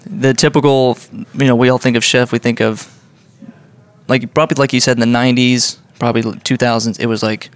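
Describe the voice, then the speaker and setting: A man's voice: mid-range voice, level tone, fairly quick, smooth, no echo. A man interviewing a chef, asking long rambling questions filled with "like".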